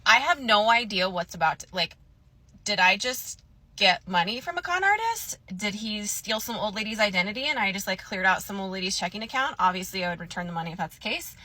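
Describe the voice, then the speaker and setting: A woman casually recounting her own story in a chatty, animated way, often acting out both sides of conversations. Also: mid-range voice, a little fast, dry recording.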